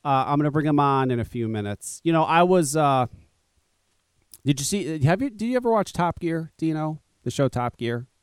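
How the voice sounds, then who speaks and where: A man's voice: fairly high pitch, expressive, moderate pace, smooth, dry recording, clean studio sound. A man hosting a talk radio show, chatting casually in a rambling, profane way and laughing often.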